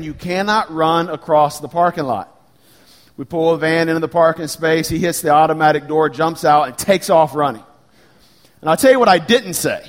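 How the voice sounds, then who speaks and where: A man in his thirties preaching a sermon as pastor, earnest and animated when he tells stories. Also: a little high.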